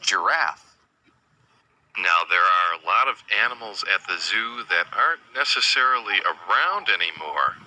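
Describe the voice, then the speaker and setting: Guy doing a slow kids' lesson, lowish voice, copies animal noises and asks questions. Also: animated, sharp tone, rough recording. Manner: imitates animal sounds, asks the child questions. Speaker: children's educator. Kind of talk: slow, sing-song teaching to young children.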